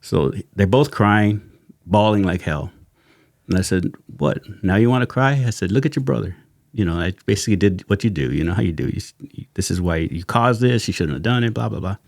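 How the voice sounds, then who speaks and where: A middle-aged man with a low, gravelly voice tells an old case in a loose, slangy way as a podcast guest. He laughs through his story and acts out every line he quotes. The sound is dry and close, with no room behind it. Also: brisk, dry recording. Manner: animated, laughing, slangy retelling with acted quotes. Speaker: retired sheriff's detective, podcast guest. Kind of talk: casual storytelling chat. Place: podcast studio.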